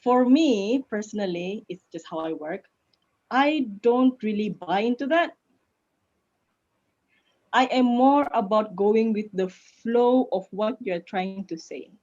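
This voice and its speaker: A woman with a Malaysian accent, a public speaking coach answering questions in an online session, lively and laughing easily. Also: medium pitch, slow pace. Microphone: video call. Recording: lo-fi video call audio.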